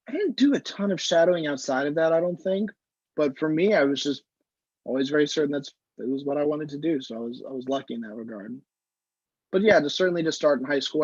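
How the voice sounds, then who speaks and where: A man, an anesthesiologist, giving measured, explanatory advice to students in a casual online Q&A over a video call. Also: a little high, a little mellow, breathy edge, no room sound. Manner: measured, explanatory, frequent "standpoint" phrasing. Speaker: anesthesiologist answering student questions. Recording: muffled, slightly lo-fi video call audio.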